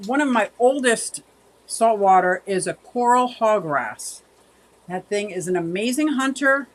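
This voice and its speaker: A woman hosting a casual livestream, chatting with viewers in a rambling way and thanking them by name. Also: medium pitch. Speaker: livestream host.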